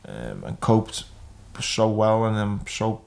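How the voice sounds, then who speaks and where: A man's voice: fairly low pitch, very animated, slow pace, creaky, a little mellow. A man hosting a podcast, telling crude, funny anecdotes in a casual, chatty way. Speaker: podcast host. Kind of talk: casual chat.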